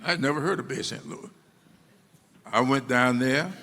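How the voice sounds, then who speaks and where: Man, public speech, emphatic, gravelly voice, sharp tone, long hall echo. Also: mid-range voice, moderate pace. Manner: emphatic, repeating key words for stress. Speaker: speaker addressing an audience.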